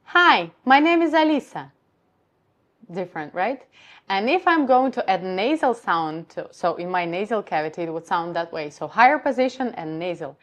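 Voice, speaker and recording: A woman voice coach giving a live-streamed lesson on how the voice works, explaining calmly and step by step. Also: on the low side, moderate pace.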